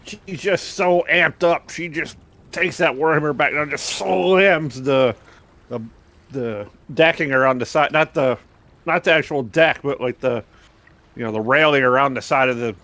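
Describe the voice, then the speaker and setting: A man playing a tabletop game, excitedly describing what his character does. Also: on the high side, a little slow. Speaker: player. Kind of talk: tabletop role-play.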